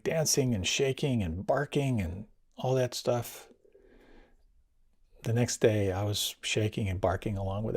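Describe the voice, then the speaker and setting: An older man, a meditation teacher, recounting his experiences in a reflective storytelling talk, swinging between near whispers and lively bursts. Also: mid-range voice, vocal fry. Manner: animated, drops to near whispers and rises again.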